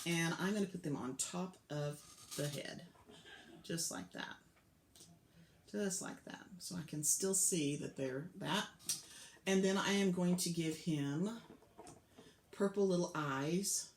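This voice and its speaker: A woman's voice: on the low side, darkish tone. A woman guiding children through a clay craft step by step, patient and often dropping to a near whisper. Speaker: craft teacher. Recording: echoey room, faint clicks.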